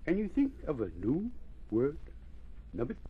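A man voicing a kindly, calm male friend in a storybook, patient and coaxing. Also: a little high, a little slow, husky, narrow, tinny audio, heavily acted.

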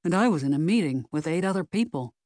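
A woman's voice: lowish voice, animated, quick pace, a little mellow, no echo, clean studio sound, natural voice. A woman voicing a nervous man who stammers when he panics.

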